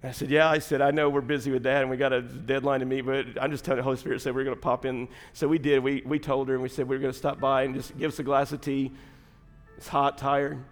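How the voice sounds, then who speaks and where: Pastor preaching in a reverberant hall. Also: male voice, medium pitch, level tone, fast talker, faint music behind. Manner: storytelling, rising to impassioned preaching. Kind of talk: sermon. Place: church sanctuary. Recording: long reverb in a large hall.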